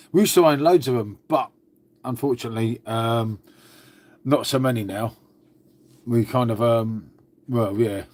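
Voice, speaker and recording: A man's voice: mid-range voice, darkish tone. A man from England hosting a casual live stream from home, rambling and calling viewers "mate". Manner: rambling, repeats "mate" and "shall we say". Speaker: livestream host. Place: at home indoors.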